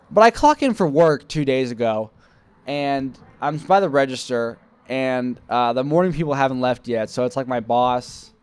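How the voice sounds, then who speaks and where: A young male vlogger rambles through a personal story about work, critical of himself and acting out the lines he quotes. It's a casual storytelling monologue. His voice is medium-pitched, and the recording is dry.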